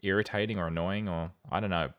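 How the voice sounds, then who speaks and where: A fairly low-voiced man hosting a chatty podcast. He talks in a wry, animated way and reads out quoted lines with dry sarcasm. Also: fast talker, highs cut off. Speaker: podcast host. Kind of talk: casual podcast chat.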